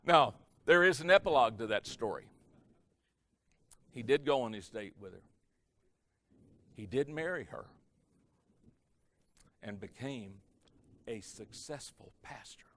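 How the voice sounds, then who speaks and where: A man preaching as a pastor, telling a story in a sermon and swinging his loudness from hushed to loud for effect. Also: medium pitch, a little slow, pauses often, no echo. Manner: animated, varies loudness for effect. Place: church or conference hall.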